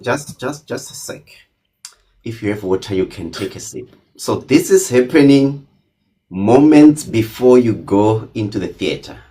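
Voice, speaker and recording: Lively male interview host. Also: medium pitch, measured pace. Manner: recaps and prompts the guest. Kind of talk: conversational interview.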